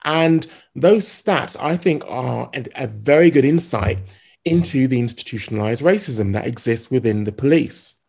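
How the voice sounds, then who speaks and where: A male podcast host speaks in casual conversation at a mid pitch. He is measured and thoughtful. He sometimes restarts his phrases as he searches for words. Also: expressive, creaky, darkish tone, breathy edge.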